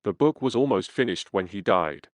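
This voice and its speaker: Male audiobook reader with a low voice, reading a first-person memoir in a measured, earnest way. The recording is dry and close, with no room sound. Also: lively intonation, no room sound.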